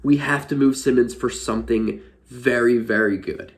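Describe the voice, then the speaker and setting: A young man rants to his camera as a frustrated sports fan, rambling and exasperated, his words tumbling out with many fillers. His voice sits in an ordinary middle pitch. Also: steady tone, moderate pace. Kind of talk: casual ranting commentary.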